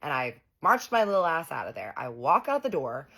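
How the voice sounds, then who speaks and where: A woman's voice: low-pitched, sing-song, normal speed, gravelly, bright, forceful tone, slightly rough. A young woman telling a dramatic story to her viewers in a casual, sassy, profane way. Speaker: storytime vlogger.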